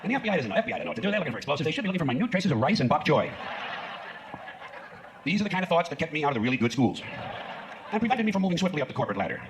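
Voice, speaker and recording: A man's voice: fairly high pitch, very animated, rapid-fire, long pauses, noisy background. A man performing a stand-up routine on stage, ranting in a profane, sarcastic way. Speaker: stand-up comedian. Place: stage in front of an audience.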